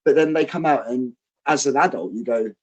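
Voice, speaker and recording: A man of middling pitch chats as an interview guest, a pro wrestler who trains others. He tells stories in a loose, animated way, slipping in little acted quotes between fillers and restarts. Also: fairly quick, lo-fi sound. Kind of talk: casual interview storytelling.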